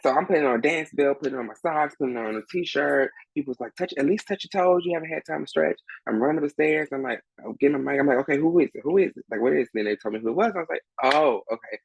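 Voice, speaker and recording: A man's voice: fairly high pitch, quick pace, creaky, hardly any pauses, husky, no room sound, poor audio. A man, a Broadway swing performer, telling a story as a guest, acting out the other people's voices and laughing often. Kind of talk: animated storytelling in conversation.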